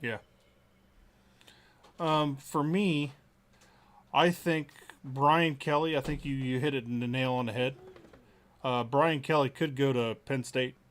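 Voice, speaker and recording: A man co-hosts a relaxed football talk show. He hedges his picks, trails off and restarts as he thinks out loud, with an easy conversational delivery. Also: medium pitch, takes it slowly, pauses often. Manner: hedging, thinks aloud with restarts. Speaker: co-host. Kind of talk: casual sports chat.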